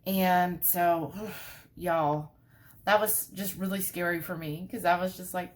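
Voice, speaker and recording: A woman's voice: on the low side, slow pace. A woman, casually telling a story to her vlog viewers and filling it with asides. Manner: animated, breathless storytelling with many asides. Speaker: vlogger.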